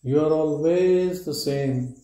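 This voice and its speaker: A man giving a meditative spiritual talk at a live gathering, in slow, measured short statements with long pauses. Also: a little high, dark tone. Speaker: spiritual teacher. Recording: roomy echo.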